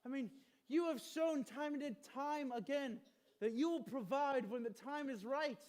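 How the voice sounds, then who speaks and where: A man's voice: very high-pitched, measured pace, a little mellow. A man playing Moses, earnestly pleading with God in prayer.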